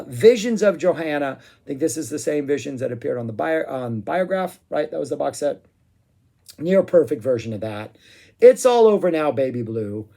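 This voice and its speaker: Excitable rambling man reviewing music. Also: a little high. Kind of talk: casual spoken review.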